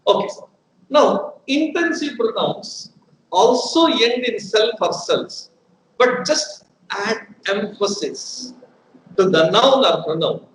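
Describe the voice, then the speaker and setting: A man teaching a grammar lesson, deliberate and repeating his examples for emphasis. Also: high voice, a bit bright. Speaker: English teacher. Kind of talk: live educational lecture. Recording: roomy echo with faint room hum.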